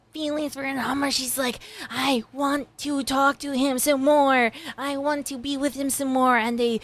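High-voiced gushing young woman. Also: a bit bright. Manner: gushing, squealing and laughing, chatty outro. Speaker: anime reaction YouTuber. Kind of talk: excited reaction commentary.

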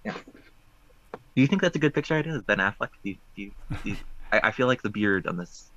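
A man presenting puzzles on a talk show over a remote call, rambling with playful deadpan jokes. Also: lowish voice, fast, dull audio, slight background noise.

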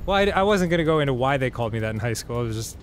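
A man's voice: mid-range voice, animated, racing, slight background noise. A man co-hosting a let's play, bantering casually and laughing often as he talks. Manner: giggly, laughs often while talking.

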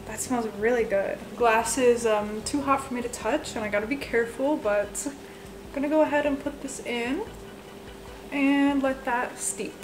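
A woman's voice: on the high side, fairly even intonation, normal speed, noisy background. A young woman in her twenties chatting her way through a home cooking vlog, rambling and self-deprecating, with lots of "like" fillers. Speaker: cooking vlogger. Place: home kitchen.

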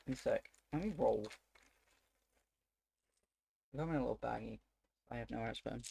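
A man recounting a tabletop game session as its dungeon master, rambling with many fillers and growing excited and exasperated as he goes. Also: medium pitch, fairly quick, gravelly, pauses often, husky.

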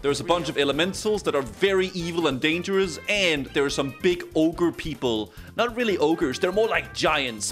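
A young man chats his way through a game session in a playful, joking manner, his voice bouncing around a lot. He sits on the higher side for a man, with faint music under him. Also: fairly bright tone. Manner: playful, jokey, addresses viewers as guys. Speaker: gaming video host. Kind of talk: casual gameplay commentary.

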